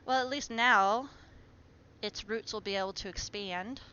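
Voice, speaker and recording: A woman's voice: medium pitch, a little slow, sharp tone, clear, resonant tone. A woman chatting casually on a live stream, talking to her plants and to her viewers at home. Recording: muffled lo-fi stream audio with faint noise.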